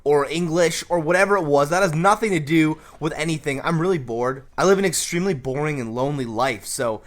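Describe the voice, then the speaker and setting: A man hosting a comedic advice vlog and shouting hyped gameplay commentary, brash and crude with constant jokes. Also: fairly high pitch, a little fast. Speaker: YouTube host.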